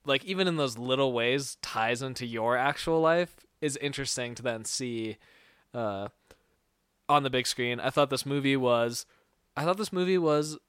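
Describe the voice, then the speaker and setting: A man's voice: medium pitch, normal speed, fairly bright tone, clean tone, no room sound, clean studio sound. A young adult man co-hosting a podcast, chatting casually about movies, rambling and hedging with fillers. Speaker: podcast co-host. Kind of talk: casual movie review chat.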